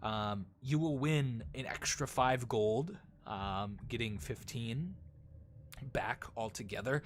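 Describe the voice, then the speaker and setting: A man's voice: medium pitch, slow, slight background noise. A man narrating as dungeon master, casual and laughing, with frequent fillers. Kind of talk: narrating a tabletop game.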